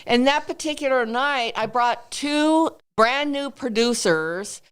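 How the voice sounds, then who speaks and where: A woman chatting on a podcast, her voice smooth and clean. She tells long stories in an animated way. When she quotes other people she lifts her voice high. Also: takes it slowly. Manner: animated storyteller, acts out quotes in raised voice. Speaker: guest telling stories. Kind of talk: casual storytelling in a podcast interview.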